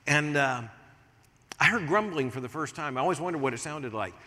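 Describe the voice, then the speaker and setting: An older American man preaches with a lively, rising-and-falling delivery, dropping low and quiet, then pressing hard on his points. His bright, forceful voice rings through the long reverb of a large church hall. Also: fairly quick. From United States. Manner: animated, swings from hushed to emphatic. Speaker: pastor. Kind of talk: sermon.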